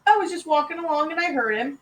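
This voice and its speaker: A woman voicing a calm, earnest young boy in a read-aloud story. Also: sits high, fast talker, echoey room, pitched above the performer's own voice.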